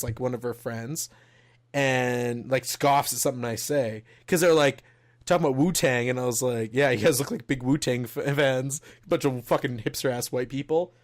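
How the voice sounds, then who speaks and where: A young man co-hosting a podcast, telling a long bar story in a profane, animated, rambling way. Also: mid-range voice. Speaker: podcast co-host. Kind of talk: casual storytelling chat.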